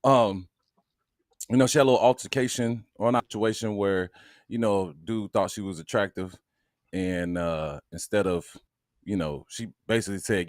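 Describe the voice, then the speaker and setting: A man's voice: lowish voice, normal speed, no echo, clean studio sound. A man hosting a casual podcast, talking animatedly and repeating words as he builds his point. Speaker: podcast host.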